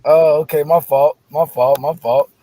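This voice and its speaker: A man's voice: on the high side, steady tone, measured pace, mellow, rough recording. A man joining a livestream as a guest, joking around in playful banter. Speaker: stream guest.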